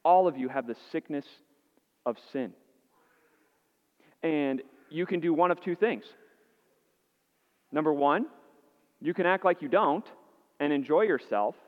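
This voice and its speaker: A man's voice: a little high, expressive, a little slow, long pauses. Earnest man preaching in an echoey hall. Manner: earnest, asks the listeners rhetorical questions; repeats words as he restarts phrases. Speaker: pastor. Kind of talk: sermon. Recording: dull, echoey hall sound.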